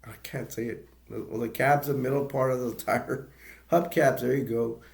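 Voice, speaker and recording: Rambling, gravelly-voiced man. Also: mid-range voice, fairly even intonation, normal speed, roomy sound. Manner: rambling, with many restarts and chuckles. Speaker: movie reviewer. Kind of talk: casual plot retelling.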